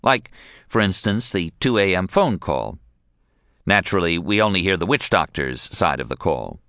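A man's voice: low voice, lively intonation, moderate pace, fairly bright tone, smooth, no echo, studio quality. A man narrating a first-person memoir in a wry, joking storytelling manner. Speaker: audiobook narrator.

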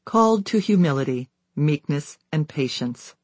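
A devotional book read aloud in a measured, even cadence, with scripture references spoken plainly. The voice sits at a middle pitch and is recorded close and dry, with no room sound around it. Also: no room sound. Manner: measured, steady reading, citing scripture verses. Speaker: audiobook reader.

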